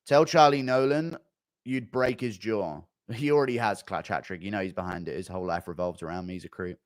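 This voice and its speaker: A man's voice: lowish voice, a little fast, no echo, studio quality. A man streaming, reading out donations in a blunt, profane, rambling way. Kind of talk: casual chat reading donations.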